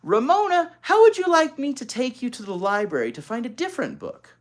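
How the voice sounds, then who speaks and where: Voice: medium pitch, wildly swooping pitch, a little fast, pitched above the performer's own voice. A reader voicing an exasperated schoolgirl big sister who gets cross with her little sister in a storybook. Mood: coaxing. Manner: cross, fed up.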